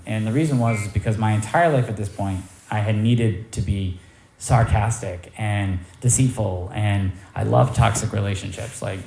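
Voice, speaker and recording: A man's voice: on the low side, vocal fry, a little hiss or hum. A man giving a personal recovery testimony at a meeting, telling it candidly with self-deprecating humor. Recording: echoey room.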